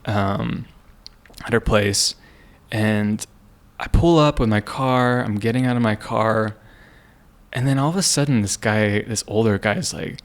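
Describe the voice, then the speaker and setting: A man's voice: fairly low pitch, a little slow, long pauses. A young man sharing a personal story on a casual podcast, earnest and rambling with many fillers and restarts. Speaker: podcast co-host.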